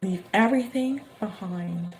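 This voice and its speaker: A woman giving a live-streamed tarot reading, talking emphatically and repeating her phrases with excitement. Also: medium pitch, unhurried, very noisy. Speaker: tarot reader.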